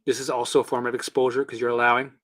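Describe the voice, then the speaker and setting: A man hosting a casual livestream, coaching viewers through exercises in an animated, chatty way with the odd swear word. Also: medium pitch, very fast. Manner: guides listeners through exercises. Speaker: host and recovery coach.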